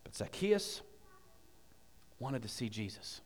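A man preaching a sermon as pastor, telling a story with animated questions to the congregation. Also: mid-range voice, slow pace, in a large hall. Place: church.

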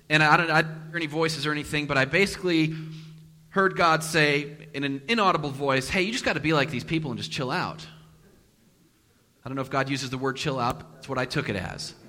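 A male pastor delivers a sermon woven with a personal story, acting out the quotes with sudden loud bursts and hushed asides. His voice sits a bit high and bright, rising and falling widely. The sound carries the long reverb of a large hall.

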